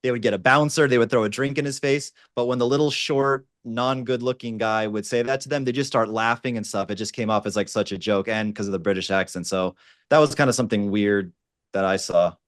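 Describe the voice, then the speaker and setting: A man working as a dating coach, telling a laid-back, animated anecdote over a video call on a panel. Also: lowish voice, brisk, no echo, clean studio sound. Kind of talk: casual panel storytelling.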